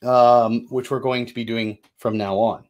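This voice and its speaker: A man's voice: medium pitch, flat delivery, unhurried, a little mellow. Chatty man explaining board game rules. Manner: chatty and loose, lots of fillers and self-corrections. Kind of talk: casual rules walkthrough.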